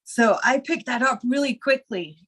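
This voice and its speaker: A woman from Scotland with a Scottish accent that has gone partly American, chatting as a guest in a rambling, relaxed way full of fillers, stoned. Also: a little high, moderate pace, husky. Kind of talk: casual stoner chat.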